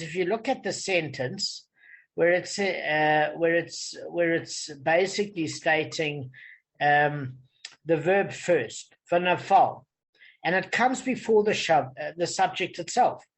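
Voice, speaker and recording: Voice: mid-range voice, animated, takes it slowly, low-quality recording. Give me a study leader explaining a text casually, with plenty of fillers. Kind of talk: casual teaching.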